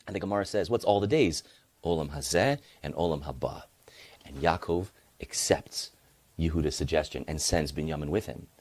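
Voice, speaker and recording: A man teaching a casual Torah lesson, retelling the story in an animated, conversational way. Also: very deep voice, brisk, breathy edge.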